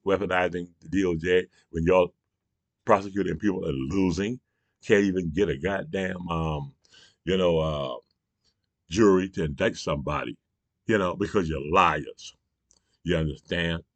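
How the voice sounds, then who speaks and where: Deep-voiced man in a heated, profane rant. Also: dry recording. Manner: heated and profane, repeatedly asking "you understand?". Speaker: political commentator. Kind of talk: angry political rant.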